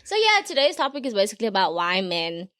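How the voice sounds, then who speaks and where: A woman hosting a podcast in casual chat, playful and animated as she leads the talk. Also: medium pitch, quick pace, no room sound, studio quality. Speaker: podcast host.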